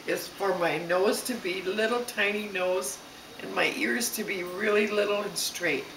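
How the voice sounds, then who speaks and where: A woman's voice: medium pitch, measured pace, noisy background, natural voice. A woman voicing a sad, teased young schoolgirl in a plaintive, pleading way, as part of a story. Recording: echoey room, distant mic.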